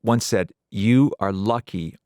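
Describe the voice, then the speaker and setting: A middle-aged man speaks as a guest in a radio interview. His voice sits low, and he thinks aloud and restarts phrases. The studio sound is dry and close. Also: takes it slowly, a little mellow, no room sound. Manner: thoughtful, repeats words, laughs easily. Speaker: guest, pop producer and pianist.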